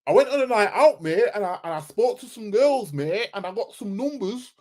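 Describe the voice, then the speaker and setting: A man mimicking a whiny, gloating male football fan who ends every phrase with "mate" in a shrill sing-song. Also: lively intonation, moderate pace. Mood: taunting.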